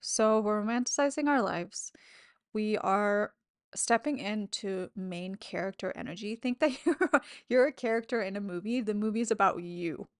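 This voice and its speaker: A woman's voice: medium pitch, normal speed, no echo. Candid, chatty woman podcaster, dry close sound. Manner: candid and chatty, swears freely, laughs between thoughts. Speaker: podcast host. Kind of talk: casual solo podcast monologue.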